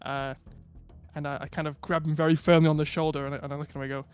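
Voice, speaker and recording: A man with a somewhat high voice plays his character at a tabletop game. He hesitates and restarts often, then lets the character's pleading lines rise. Faint music runs underneath. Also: level tone, very fast, clear, resonant tone. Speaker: player. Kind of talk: in-character tabletop role-play.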